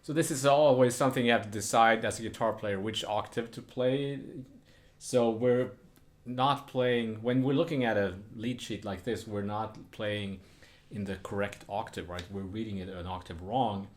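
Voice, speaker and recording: A man giving a casual jazz guitar lesson, relaxed and thinking aloud as he explains between played examples. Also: on the low side, moderate pace. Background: jazz guitar playing.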